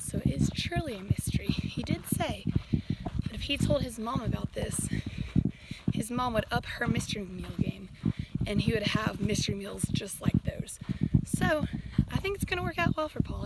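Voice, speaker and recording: A woman's voice: a little high, gravelly, very noisy. A young woman with a Southern accent, telling trail stories in a casual hiking vlog, recorded outdoors on a handheld camera. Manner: chatty storytelling, acts out quotes in her own voice. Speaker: thru-hiker vlogger.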